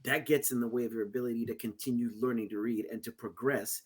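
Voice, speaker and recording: Male interviewer, mid-pitched, measured and careful, sums things up before each question. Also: steady tone, husky. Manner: measured, summarizing before asking. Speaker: podcast host.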